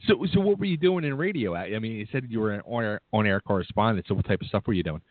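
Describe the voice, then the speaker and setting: Laid-back radio host, dry phone-like sound. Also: male voice, lowish voice, animated, racing, no echo. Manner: laid-back, laughs often, stumbles over words. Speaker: radio interviewer. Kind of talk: casual radio interview.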